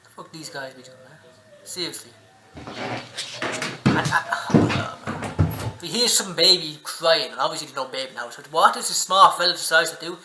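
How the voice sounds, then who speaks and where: A man hosting a reaction video, swearing and excitedly talking back at the clip he is watching. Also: a little high, a little fast, pauses often, roomy sound, background noise. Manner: profane, excitable, talks back at the screen. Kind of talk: casual reaction commentary. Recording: music playing under the voice.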